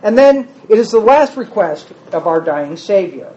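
A man's voice: high voice, sing-song, normal speed, darkish tone, dull audio, a little hiss or hum. A man preaching a sermon, emphatic, firing rhetorical questions at the congregation and answering them himself.

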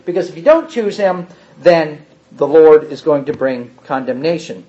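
High-voiced man teaching a Bible class. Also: a little fast, mellow, lo-fi sound. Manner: reads scripture aloud with raised dramatic emphasis, then comments conversationally.

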